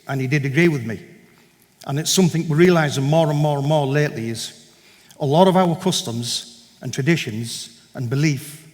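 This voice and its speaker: Guy telling his testimony at church, higher voice, acts out all the dialogue, big echoey hall. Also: moderate pace. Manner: animated storyteller who acts out dialogue. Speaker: guest speaker giving a testimony. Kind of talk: personal testimony storytelling. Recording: echoey hall with long reverb.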